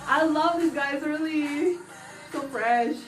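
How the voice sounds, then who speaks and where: Very high-voiced, gushing woman fan. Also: slow pace. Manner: gushing, excitable fan commentary. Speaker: K-pop reaction YouTuber. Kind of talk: casual reaction vlog chat. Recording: roomy echo with faint music behind. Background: music video playing faintly.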